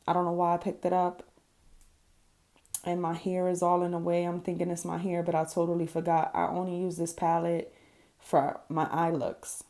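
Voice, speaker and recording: Her voice is lowish and warm as she chats through her makeup routine in a casual tutorial voice-over. The vlogger is candid, swears freely and says um a lot.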